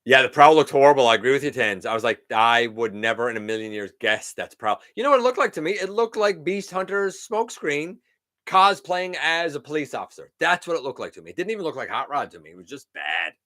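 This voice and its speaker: A man's voice: mid-range voice, animated, quick pace, bright, forceful tone. A middle-aged man hosting a live stream, chatting casually and greeting viewers by name. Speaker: host of a live toy-collecting show.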